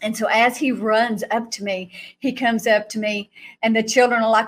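A middle-aged woman telling a story in an animated way, laughing often and jumping to a high voice when she acts out reactions. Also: moderate pace. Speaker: guest recounting a vision.

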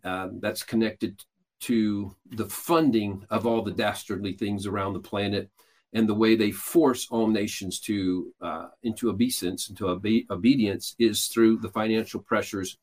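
A man hosting a show, talking loosely and explaining at length, with frequent restarts and filler sounds. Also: lowish voice. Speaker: host. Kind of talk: casual teaching talk.

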